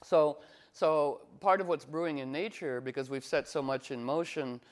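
A man talking in a meandering casual monologue as an astrologer, full of fillers and restarts, animated and playful. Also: a little high, normal speed. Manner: animated, slips into playful cooing voices.

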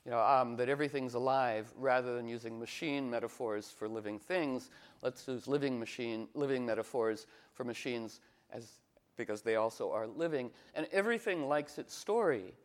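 A man talking in a meandering casual monologue as an astrologer, full of fillers and restarts, animated and playful. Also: mid-range voice, normal speed. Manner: animated, slips into playful cooing voices.

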